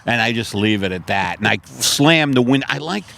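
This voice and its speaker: Animated, swearing New man. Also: mid-range voice, brisk, vocal fry. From New York. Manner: profane, ranting, animated. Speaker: podcast host. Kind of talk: casual chat. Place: outdoors in a park.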